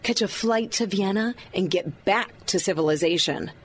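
An actress playing a fed-up American bride who owns a bookstore, sarcastic and exasperated, in a radio drama. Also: female voice, medium pitch, moderate pace, a little hiss or hum, close to an everyday voice. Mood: pleading. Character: fed-up American bride, bookish, sharp-tongued.

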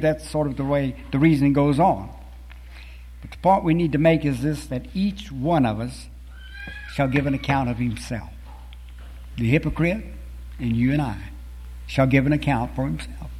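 A man preaching with earnest conviction, his voice pitched a little high and carrying a breathy, husky edge. His words ring out into a long hall reverb, as if he were in a church sanctuary. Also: moderate pace, long pauses, a little mellow. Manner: earnest, rises and falls in emphasis while reading scripture and poetry. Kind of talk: sermon.

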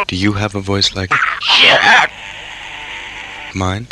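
Man, spoken-word art piece, insistent repeated questions, deep voice, heavy noise. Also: steady tone, measured pace, pauses often. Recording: loud noisy recording.

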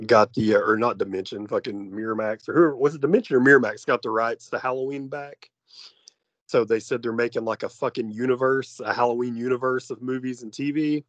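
A man's voice: mid-range voice, no echo. A man co-hosting a podcast, chatting casually and jokingly about movies, swearing and laughing often. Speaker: podcast co-host. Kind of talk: casual movie review chat.

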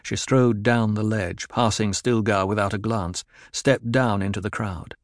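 A man reading a novel aloud in an even, measured narration. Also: lowish voice, no room sound, studio quality. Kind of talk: scripted audiobook narration.

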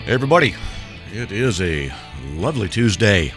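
A man hosting live call-in talk radio at a studio microphone, emphatic and animated as he preaches. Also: fairly low pitch, normal speed, music in the background. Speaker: radio talk show host.

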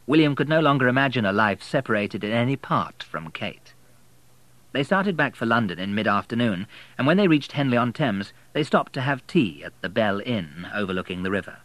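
A male narrator reading a novel aloud with a measured, expressive delivery. His pitch rises and falls widely, and the recording is dry and close. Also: dry recording, poor audio. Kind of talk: audiobook narration.

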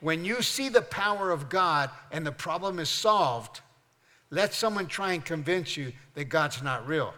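A man's voice: fairly high pitch, expressive, a little slow. Older male pastor preaching in a hall. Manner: humorous storytelling, building to loud preaching. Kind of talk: sermon. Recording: long hall reverb.

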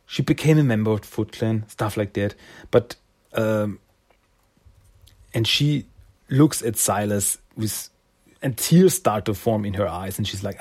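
A man's voice: lowish voice, measured pace, long pauses, darkish tone, slightly rough. A man casually recapping a comic issue, rambling and loose with many fillers. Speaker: comic reviewer.

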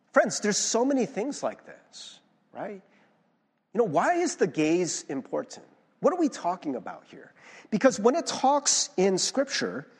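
Young man, pastor, sermon, husky voice, long hall echo. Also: high-pitched. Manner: animated, chatty, self-mocking, frequent "right?".

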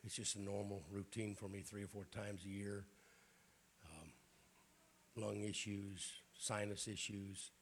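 A raspy, hoarse man preaching in a church, his low, gravelly voice breaking now and then as he clears his throat. He talks in a folksy, joking way to his congregation. A faint hum of the room sits behind him. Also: little pitch movement, unhurried. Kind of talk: informal Pentecostal sermon.

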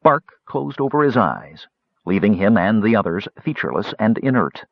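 Husky man narrating an audiobook. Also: on the low side, normal speed, no echo. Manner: expressive storytelling. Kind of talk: scripted narration. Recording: slightly dull lo-fi recording.

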